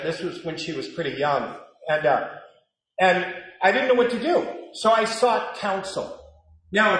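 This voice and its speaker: A man giving a confessional recovery testimony, acting out his own shouting and hushed prayers as he tells it. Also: high voice. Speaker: recovery speaker. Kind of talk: personal testimony talk. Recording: very echoey hall with faint noise.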